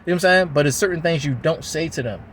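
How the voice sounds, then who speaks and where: A man's voice: fairly high pitch, very fast, fairly bright tone, slight background noise. A man from talking to the camera, venting in a heated, rambling way and swearing often. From Baltimore, USA. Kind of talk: emotional venting monologue.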